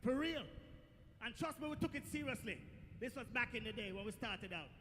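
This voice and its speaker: A middle-aged man with a Jamaican accent doing a stand-up comedy set on a festival stage, telling stories in a lively way with loud bursts to the crowd. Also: very high voice, fairly quick. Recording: echoey outdoor stage, faint noise.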